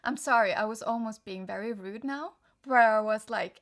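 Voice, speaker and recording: A woman's voice: fairly high pitch, moderate pace. A young woman giving a casual tarot reading, rambling and interrupting herself with bursts of frustration. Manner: rambling, self-interrupting, animated. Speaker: tarot reader.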